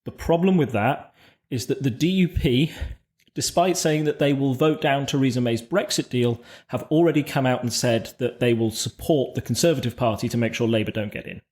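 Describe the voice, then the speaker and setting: A man co-hosting a podcast, explaining political events in a measured, conversational way with frequent restarts. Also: medium pitch, a little mellow. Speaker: podcast co-host. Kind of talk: casual political discussion.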